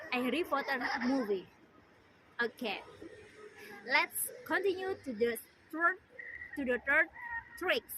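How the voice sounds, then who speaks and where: A young woman giving a formal prepared speech as a student, halting, with frequent restarts and repeated words. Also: sits high, noisy background. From Indonesia. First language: Indonesian.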